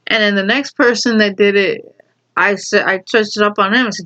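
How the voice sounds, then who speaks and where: A woman telling a story from her school days in a casual, rambling way, repeating herself and adding animated asides. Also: medium pitch, moderate pace, muffled recording. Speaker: storyteller vlogger.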